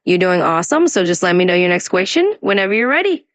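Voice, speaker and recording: A synthetic woman with a lowish voice talks fast, her pitch swinging widely, with no echo in the recording. As an AI English tutor in scripted conversation practice, she answers questions and gives pronunciation pointers in an upbeat, encouraging way.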